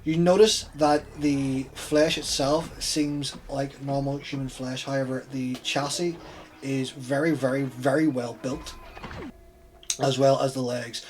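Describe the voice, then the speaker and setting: A man acting as storyteller, narrating a tabletop role-playing game with steady, descriptive scene-setting. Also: mid-range voice, a little slow, slight background noise.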